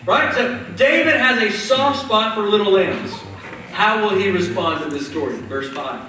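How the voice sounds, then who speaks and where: A man preaching with lively, conversational storytelling, his voice high and bright. It rings around a big, echoing church hall and is picked up from some distance, with a faint background hiss. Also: a little slow. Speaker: pastor. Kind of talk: sermon. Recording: echoey hall from far off.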